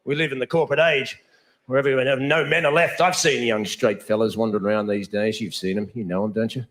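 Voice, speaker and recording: A man's voice: mid-range voice, steady tone, a little fast. A man with an Australian accent doing a blunt, swaggering, profane stand-up routine on a club stage. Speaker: stand-up comedian. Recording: echoey club, loud laughter.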